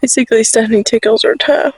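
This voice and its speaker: Filmed outdoors on a handheld camera, this woman vlogs from her sheep pen, coos at the animals, and peppers her casual chat with "like." She speaks fast in a fairly high, husky voice with fairly even intonation, and the recording is dry and rough.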